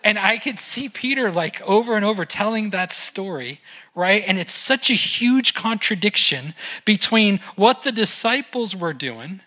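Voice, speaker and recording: A preacher giving a sermon in a conversational way, often checking in with a quick "right?" and adding gentle humorous asides. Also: medium pitch, animated. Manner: conversational, keeps asking "right?".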